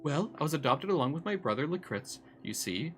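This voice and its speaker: A man's voice: fairly high pitch, expressive, a little fast, close to an everyday voice. A man voicing a prim, talkative female cat in a visual novel, lilting and chatty, over game music. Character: prim talkative female cat who loves crunchy bits. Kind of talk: voice-acting a visual novel on stream. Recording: music playing behind.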